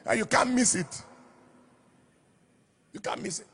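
A pastor preaching with real force, his voice high-pitched and rough with gravel. It sounds very husky and strained, and he swings from quiet asides to loud, sing-song emphasis. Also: a little slow. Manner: emphatic preaching, shouting and lilting on key phrases. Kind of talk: sermon.

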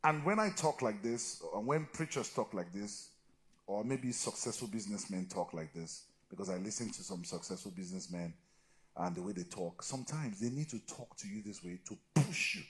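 A middle-aged man preaching a sermon as pastor, swinging from loud shouted exhortation to low, quiet talk and calling for amens from the congregation. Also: normal speed. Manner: calls for amens and answers from the congregation.

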